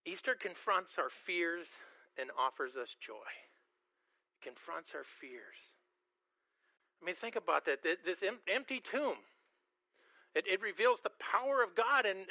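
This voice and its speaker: High, bright-voiced man preaching a sermon. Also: animated, normal speed, no echo, dull audio. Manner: earnest, repeats words at the start of phrases; asks the congregation questions. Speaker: pastor.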